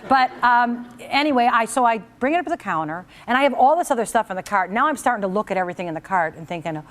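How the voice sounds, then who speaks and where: A woman's voice: fairly high pitch, fast talker. A middle-aged woman, a talk show host, telling a comic story in a chatty monologue and speaking straight to her audience. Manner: animated, chatty, addresses the audience directly.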